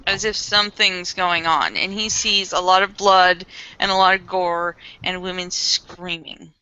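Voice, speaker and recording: A woman narrating a tabletop role-playing game as game master, describing scenes in a measured way, on a dull lo-fi recording. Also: on the low side, steady tone, bright, forceful tone, smooth.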